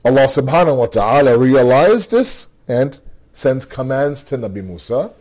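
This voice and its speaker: Tired man, mid-pitch voice, preaching a story in a chatty way, restarts phrases a lot. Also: very animated, moderate pace, a little mellow. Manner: conversational storytelling, frequent "okay?" check-ins and repeated restarts. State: tired, yawning. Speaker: religious speaker. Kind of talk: nightly religious storytelling talk.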